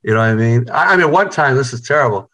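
A middle-aged New York man, guitarist in a band, is interviewed over a video call, telling rambling, profane stories and repeating words. His mid-range voice is fast and bright, with lively intonation and a forceful tone.

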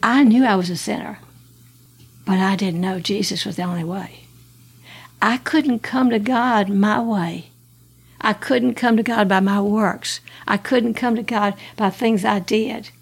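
A woman's voice: mid-range voice, fairly even intonation, measured pace, vocal fry, breathy edge. A woman, telling her life story earnestly with restarts and laughs. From Alabama, US. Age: 80s. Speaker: guest sharing her testimony. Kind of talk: personal testimony.

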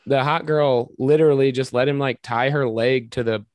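A man's voice: medium pitch, steady tone, moderate pace, dry recording. A man co-hosting a podcast, bantering crudely and making jokes about a film. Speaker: podcast co-host. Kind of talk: casual chat.

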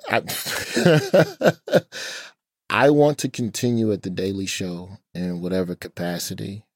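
A laid-back man from Alabama talks candidly, dropping casual slang. His voice is very low and a little husky. The sound is dry and close. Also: lively intonation, slow pace, no room sound. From Birmingham, Alabama, US. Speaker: comedian guest. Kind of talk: casual interview talk.

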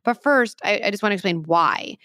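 A woman in her thirties, a parenting expert explaining advice in an interview with earnest, lively examples. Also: mid-range voice, a little fast, dry recording, studio quality.

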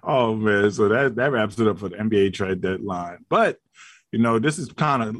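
Lively, teasing man on a podcast. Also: lowish voice, moderate pace, no room sound, clean studio sound. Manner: playful, teasing. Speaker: podcast co-host. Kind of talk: casual podcast banter.

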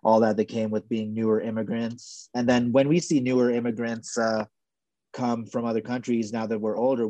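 Male guest with a warm, low-ish voice, halting chatty delivery. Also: no echo. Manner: hesitant, frequent "you know" fillers. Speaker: podcast guest. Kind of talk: casual conversation.

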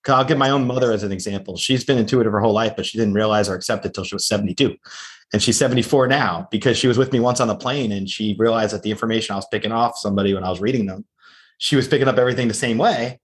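Middle-aged man, podcast host, rapid delivery, enthusiastic and affirming. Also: on the low side. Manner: eager, enthusiastic, quick to affirm. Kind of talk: podcast interview talk.

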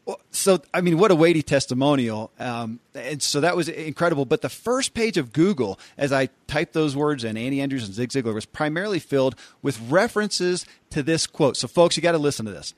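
A man's voice: a little high, animated, brisk, no echo. A man hosting an interview podcast, introducing his guest with gushing enthusiasm. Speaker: podcast host.

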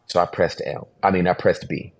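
A man's voice: deep voice, moderate pace, no room sound. A man in his forties, a pastor and podcast guest, telling a story animatedly and acting out voices. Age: 40s. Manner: animated storyteller, acts out voices, laughs often.

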